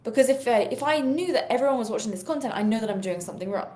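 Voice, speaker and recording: A young British woman talking to viewers on a live stream, energetic and chatty, with plenty of fillers as she coaches on social media sales. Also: fairly high pitch, racing.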